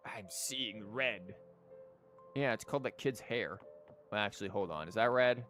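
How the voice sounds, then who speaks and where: A man's voice: fairly low pitch, expressive, brisk, fairly bright tone, faint music behind. A young man giving live game commentary in a sarcastic, rambling, profane way. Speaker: game streamer.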